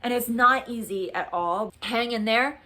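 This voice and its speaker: A woman in her late thirties tells a personal story straight to her phone camera, chatty and easygoing. She acts out the lines other people said as she goes. Her voice sits a little high for a woman. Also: a little slow. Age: 30s. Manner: chatty, animated retelling with quoted dialogue and laughs. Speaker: vlogger.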